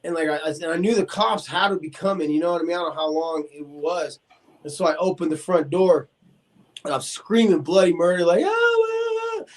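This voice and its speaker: Brisk and on the high side, this man in his forties is a guest on a podcast. He's animated as he works through a long, casual tale, performing the quotes and using many fillers.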